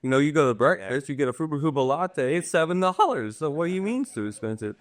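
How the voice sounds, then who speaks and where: Man, mid-pitched voice, dry close sound, upbeat, incredulous. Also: animated, quick pace, hardly any pauses, no echo. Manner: upbeat, incredulous retelling of objections. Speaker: team member, guest. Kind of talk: casual interview talk.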